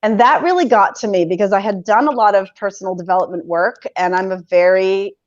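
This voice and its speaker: Woman, 40s, podcast guest, personal storytelling, animated, laughs often, dull lo-fi audio. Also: mid-range voice, fairly quick, dry recording. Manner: animated, laughs often, acts out her own past reactions. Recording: dull lo-fi sound, dry.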